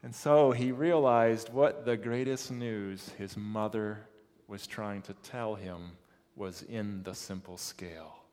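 Brief: male preacher, story-driven sermon, measured pacing, reverberant church. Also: fairly low pitch, a little mellow.

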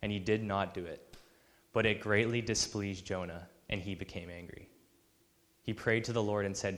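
A man's voice: lowish voice, fairly even intonation, moderate pace, big-room sound. A man preaching a sermon, earnest, acting out the voices of the people he quotes. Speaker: pastor.

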